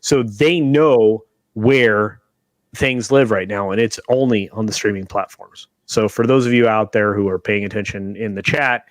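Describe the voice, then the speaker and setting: A man's voice: lowish voice, measured pace, dry recording. A man hosting a casual livestream chat over a video call, talking emphatically with restarts and insistent asides. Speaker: show host. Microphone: video call webcam.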